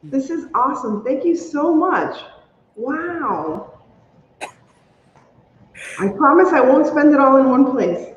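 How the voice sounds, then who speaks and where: A woman hosting a casual crafting livestream, chatty and excitable, squealing when she is delighted. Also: high voice, slow pace, pauses often. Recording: roomy, dull lo-fi sound with faint hum.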